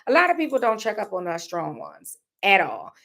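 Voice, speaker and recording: A woman's voice: mid-range voice, very animated, a little fast, gravelly, fairly bright tone. A woman, talking to her viewers in a casual, reflective way about faith and feelings, often repeating her phrases. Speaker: vlogger. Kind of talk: casual personal vlog talk. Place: indoors at home.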